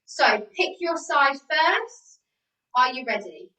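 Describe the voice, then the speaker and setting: Woman instructor, higher voice, slow and clear, cueing moves; echoey room, far from the mic. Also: big pitch swings, pushed and bright. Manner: encouraging, counting out moves. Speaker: fitness instructor. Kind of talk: leading an exercise class. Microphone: video call.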